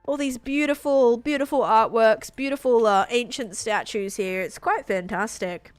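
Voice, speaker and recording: A woman's voice: fairly high pitch, normal speed, no echo, soft background music, natural voice. A woman playing a refined, effusive lady who admires a museum. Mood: gushing. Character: posh, gushing woman visiting a museum.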